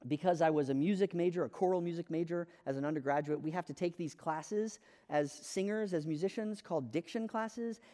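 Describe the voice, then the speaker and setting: A man's voice: a little high, a little mellow, big-room sound. An American man preaching a sermon in a conversational, self-deprecating storytelling way, with frequent fillers. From United States.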